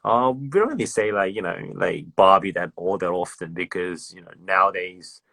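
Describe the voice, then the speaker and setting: Husky low-voiced man chatting casually. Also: animated, normal speed, pushed and bright, no room sound. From Australia. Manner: loose, sweary, acts out slang examples. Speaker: livestream host. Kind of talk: casual chat.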